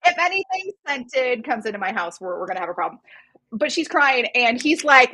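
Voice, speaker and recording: Husky-voiced woman, chatty co-host. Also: fairly high pitch, brisk. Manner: chatty, animated retelling with filler words. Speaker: podcast co-host. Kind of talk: casual chat about a romance novel.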